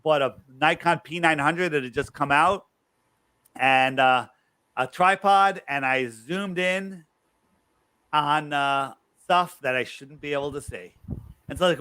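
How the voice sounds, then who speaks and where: A man guest tells a story with force and bright energy, tossing in quick asides. He acts out what other people told him, and his voice sits a little on the high side for a man. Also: clean tone. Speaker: guest researcher. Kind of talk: animated storytelling interview.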